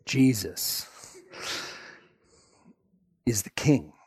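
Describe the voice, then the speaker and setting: A man preaching a sermon, telling the story in an animated way and acting out the people in it. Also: medium pitch, very slow, slightly rough, dry recording, clean studio sound. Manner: animated storytelling, acts out voices. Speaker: pastor.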